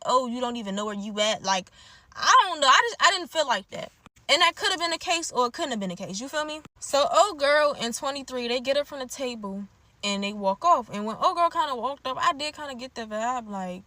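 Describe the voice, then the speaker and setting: A woman's voice: high-pitched, no room sound. A young woman in her twenties from the DMV area, with its accent, bluntly telling a casual storytime full of slang and "like". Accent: DMV African American English. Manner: blunt, animated, slangy, frequent "like".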